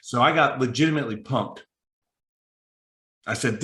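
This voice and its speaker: A man tells a story with lively energy, and his voice rings bright and forceful. He leaps into high, shouted voices when he quotes other people. The sound is roomy, with a clear echo off the walls. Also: moderate pace. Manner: animated, acts out dialogue with big pitch jumps. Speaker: mental toughness coach. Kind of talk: storytelling in a podcast interview.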